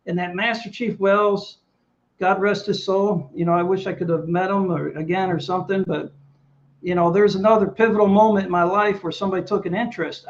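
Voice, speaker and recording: A man's voice: high-pitched, lo-fi sound. A man, a navy veteran, telling his service stories in an interview and acting out the dialogue. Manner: animated anecdotes, acts out dialogue. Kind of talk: storytelling interview.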